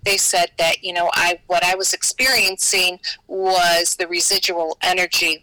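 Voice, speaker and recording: A woman's voice: lowish voice, fairly even intonation, moderate pace, sharp tone, dry recording, rough recording. An American woman, a podcast guest, telling her stories in a chatty, rambling way full of fillers and restarts. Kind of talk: casual storytelling in an interview.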